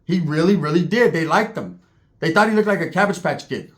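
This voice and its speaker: Man, casual profane storyteller; slightly raised pitch. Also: expressive, fairly quick. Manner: profane, rambling, joking.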